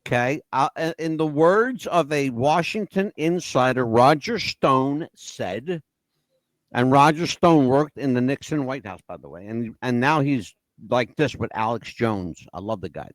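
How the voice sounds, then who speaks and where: Animated, profane male podcast host. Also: medium pitch, measured pace, no room sound. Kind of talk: casual opinionated chat.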